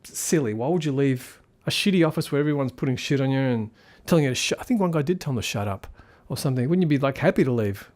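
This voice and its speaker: A man's voice: medium pitch, animated, quick pace, hardly any pauses, darkish tone. A man giving a casual spoken film review, rambling and critical as he thinks aloud.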